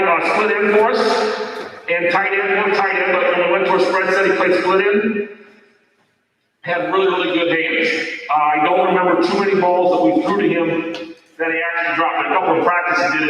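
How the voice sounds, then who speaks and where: A middle-aged football coach speaks at a team awards night in a fairly high voice, folksy and rambling, with plenty of fillers and restarts. He is picked up from across a large hall, so his voice booms and trails off in a long echo. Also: steady tone, moderate pace, a bit bright, a little hiss or hum. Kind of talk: end-of-season awards speech. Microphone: far from the microphone. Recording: echoey hall from far off.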